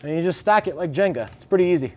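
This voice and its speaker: Male barbecue host, slightly high voice, confident coaching tone, recorded outdoors on location. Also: lively intonation, fast, a little mellow. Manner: confident, coaching, speaks straight to viewers. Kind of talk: hands-on cooking tutorial. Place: outdoors beside an offset smoker.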